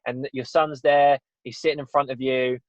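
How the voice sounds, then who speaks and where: An English man, a guest on a podcast, tells a personal story in a casual interview, earnest and rambling, with lots of "you know" and "right?". His voice sits at medium pitch with little movement and a normal pace. The podcast audio is dull and dry, with no echo.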